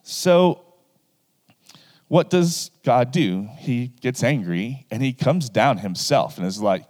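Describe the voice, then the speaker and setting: In a large hall, a male preacher gives a casual Bible lesson at a measured pace in a mid-range voice. He's animated, acting out the people in the story and tossing in lots of asides to his listeners.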